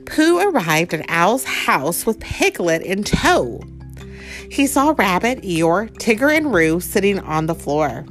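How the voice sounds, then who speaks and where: Woman reading a picture book aloud at home, very animated pitch, soft music under. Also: takes it slowly. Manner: reads with lively put-on character voices, chats warmly between pages. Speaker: parent reading a storybook aloud to her child. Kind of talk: storybook read-aloud with chat.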